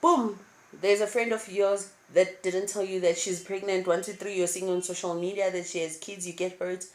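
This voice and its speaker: A young woman, chatting candidly to her camera as a vlogger, swinging between laughter and low, emotional tones. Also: fairly even intonation, normal speed. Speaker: YouTube vlogger. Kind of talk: casual chat to camera.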